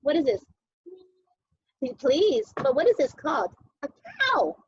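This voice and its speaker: A woman's voice: high-pitched, very animated, measured pace, darkish tone, muffled recording. A young woman teacher cooking at home while teaching small children, talking in a playful sing-song way and making animal sounds.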